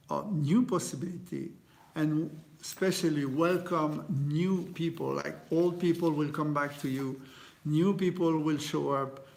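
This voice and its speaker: Meditation guy, kinda high voice, gravelly, slow gentle instructions w lots of uhs. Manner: gentle, halting, many fillers and restarts. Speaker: meditation teacher.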